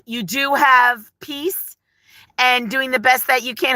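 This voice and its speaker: Middle-aged woman, live-chat host, bright tense voice, close dry phone sound, heartfelt and rambling. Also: on the high side, dry recording. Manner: gentle, heartfelt, rambling with fillers. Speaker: vlogger on a livestream. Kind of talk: casual live chat, reading comments. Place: parked car. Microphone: phone held in hand.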